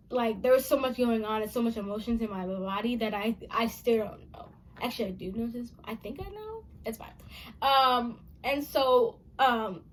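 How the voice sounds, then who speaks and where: Young woman vlogger, high voice, animated storyteller who acts out her own scenes. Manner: dramatic, acts out her own childhood voice, many "like" fillers.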